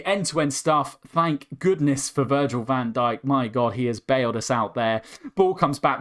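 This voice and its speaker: A young man hosting a live football watchalong, commentating with rising excitement as his voice starts to go hoarse. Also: mid-range voice. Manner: excitable, voice climbs sharply with the action. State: voice going hoarse. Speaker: host.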